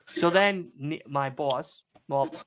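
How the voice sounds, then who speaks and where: Profane, animated man telling a work story. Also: a little high, slow, a crowd in the background. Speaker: podcast co-host. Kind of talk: casual storytelling rant.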